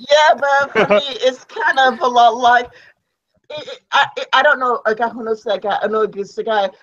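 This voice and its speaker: A woman's voice: fairly high pitch, moderate pace, a bit bright, no room sound. A woman chatting on a live stream, rambling, giggly and repeating words. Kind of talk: casual live-stream chat. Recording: dull lo-fi sound.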